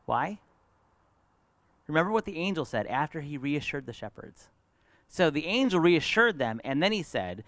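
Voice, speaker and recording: A middle-aged man, a pastor preaching a sermon, telling a personal story in an earnest way that moves between lively and hushed. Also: on the high side, moderate pace, long pauses, no room sound.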